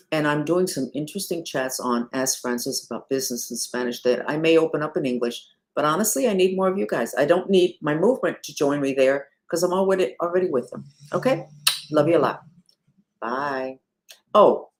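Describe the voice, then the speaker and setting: A woman leading a spiritual movement talks straight to her followers in a loose, conversational way. She asks rhetorical questions and leans hard on some words, then drops to a hushed tone. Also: deep voice. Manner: animated, rhetorical, swings between loud and hushed. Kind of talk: casual spiritual talk to followers.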